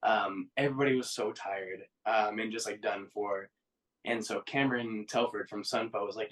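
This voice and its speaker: A man's voice: fairly low pitch, brisk, far from the mic, low-quality recording. Laughing storytelling man, off-mic. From Oklahoma. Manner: animated, laughing, acts out quotes in a raised voice. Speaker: band member, guest. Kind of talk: casual storytelling.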